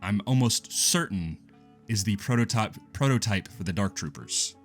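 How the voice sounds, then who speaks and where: Low-voiced rambling podcast host. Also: male voice, expressive. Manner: rambling, quick, laughs often, self-correcting. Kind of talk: casual podcast review chat. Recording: lo-fi music bed underneath.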